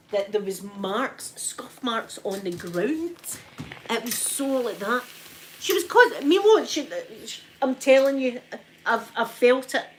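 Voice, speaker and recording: A fairly high-pitched Scottish woman, an ASMR streamer, recounts a story to her viewers with slight background noise. Her delivery is casual and animated, full of acted-out quotes and repeated "right?" tags.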